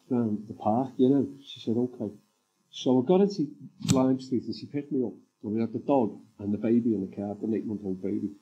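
A man's voice: mid-range voice, dark tone, breathy edge, lo-fi sound. A man telling candid personal stories as a guest in a live on-stage interview. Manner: candid anecdotal storytelling. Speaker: guest, TV writer. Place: convention centre stage before an audience.

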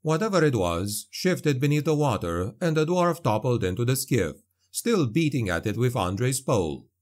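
A man reading a dark fantasy story aloud as an audiobook narrator, measured and vivid. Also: medium pitch, sing-song.

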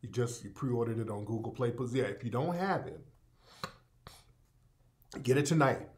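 A man's voice: mid-range voice, expressive, normal speed, a little mellow. A man hosting a live radio-style broadcast, talking loosely to listeners and repeating himself, often calling them family. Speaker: radio show host. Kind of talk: casual live broadcast talk.

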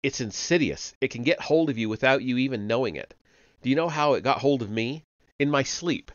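A man's voice: mid-range voice, expressive, brisk, no room sound, highs cut off, voice pushed up, lightly acted. A man reading aloud and voicing a frightened, servile, middle-aged male prisoner who pleads eagerly and talks sanctimoniously.

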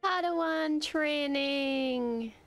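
A young woman streamer reacting to an episode, talking quietly and gushing with excitement, with plenty of swearing. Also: high voice, very slow, soft background music. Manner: hushed, gushing and swearing freely.

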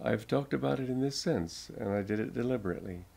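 A man's voice: mid-range voice, creaky, dark tone, breathy edge. An older American man, a spiritual teacher, giving an informal talk to an audience, telling stories and laughing often as he goes. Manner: slow, chuckling storyteller.

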